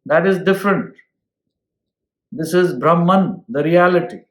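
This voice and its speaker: A man's voice: on the high side, measured pace, reverberant, rough recording. A man giving a lecture on scripture, explaining with everyday examples and often checking with listeners. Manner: explains with homely examples and asks listeners "hmm?". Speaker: spiritual teacher.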